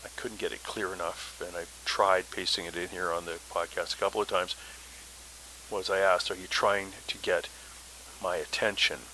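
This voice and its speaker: A man's voice: low voice, fairly even intonation, normal speed, pushed and bright, slight background noise, rough recording. A man hosting a paranormal podcast, telling his story in a casual, rambling way with many fillers.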